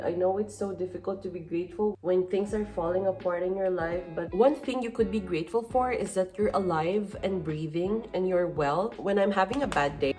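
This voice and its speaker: A woman's voice: lowish voice, a little mellow. A woman from the Philippines in a chatty get-ready-with-me vlog, reading old journal entries aloud with laughs and emotional moments. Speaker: vlogger.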